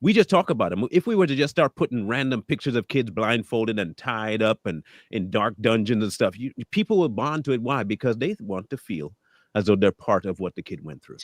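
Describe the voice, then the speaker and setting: A man with a low voice co-hosts a live talk stream, recorded dry and close to the mic. He talks casually and with energy, putting on voices for the people he quotes and laughing now and then. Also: brisk, no echo. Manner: animated, acts out quoted voices, laughs often. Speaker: co-host.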